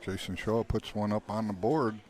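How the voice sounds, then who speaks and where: Deep-voiced guy doing pool play-by-play, laid back, riffing with his partner. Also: steady tone, normal speed, a little mellow. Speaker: pool commentator. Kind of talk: live pool commentary. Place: pool hall.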